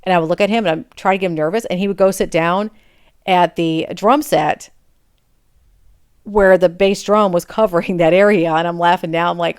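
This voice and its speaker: A woman's voice: lowish voice, normal speed, clean tone. A woman in her forties hosting a podcast, talking frankly and chattily in a candid personal monologue. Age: 40s. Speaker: podcast host.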